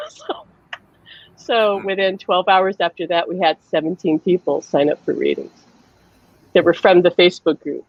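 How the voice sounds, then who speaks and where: A woman's voice: on the low side, moderate pace, darkish tone, no room sound, dull audio. A woman psychic medium hosting a casual live-stream chat, telling a story animatedly and laughing often as she acts out quotes.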